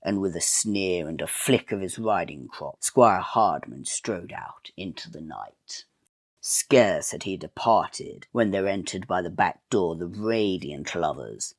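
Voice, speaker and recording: A man with a very low, deep voice reads a story aloud in a mock-dramatic, wry manner. The sound is close and dry, with no room to it. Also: lively intonation, unhurried, no room sound. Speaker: narrator. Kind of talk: melodramatic storybook reading.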